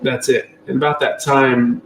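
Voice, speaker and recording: Animated man telling hunting stories. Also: medium pitch, moderate pace, vocal fry. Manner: animated storyteller, acts out quotes. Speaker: podcast co-host. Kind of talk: casual hunting chat. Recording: roomy with faint background noise.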